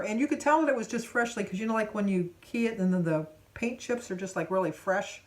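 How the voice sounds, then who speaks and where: A woman's voice: mid-range voice, brisk. A woman in her seventies telling a rambling, chatty story in a casual vlog, full of fillers and restarts. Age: 70s. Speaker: vlogger.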